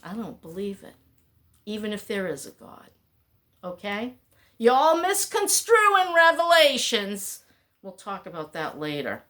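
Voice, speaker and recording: A woman's voice: mid-range voice, very animated, measured pace, a bit bright. A middle-aged woman talking to her camera at home, rambling and chatty. She wanders from thought to thought and interrupts herself as she goes. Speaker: vlogger. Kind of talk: casual talking-head chat.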